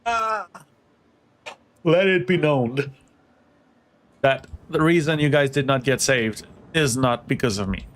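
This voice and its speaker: A man's voice: mid-range voice, takes it slowly, long pauses, fairly bright tone. A man streaming a game with friends, teasing them, laughing and swearing in casual chat.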